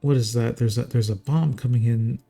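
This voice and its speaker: A man's voice: mid-range voice, steady tone, normal speed, gravelly, warm tone, soft background music. A man casting a strategy game live in a casual, jokey, chatty way. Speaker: game caster.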